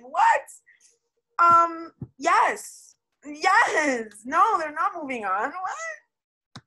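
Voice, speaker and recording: A woman giving a casual tarot reading to camera, chatty and excitable, laughing often and talking in slang. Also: high-pitched, takes it slowly. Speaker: tarot reader.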